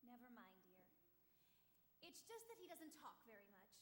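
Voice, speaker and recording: A woman's voice: fairly high pitch, sing-song, normal speed, a bit bright, a little hiss or hum. A woman playing a prim young librarian who corrects grammar, performed on stage in a musical. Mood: gentle. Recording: echoey theatre hall with music.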